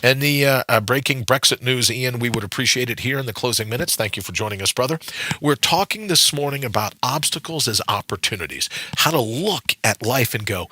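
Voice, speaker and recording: Animated husky-voiced radio host man. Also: mid-range voice, brisk, no echo. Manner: animated, preachy, acts out quoted voices. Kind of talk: motivational morning talk show monologue. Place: radio studio.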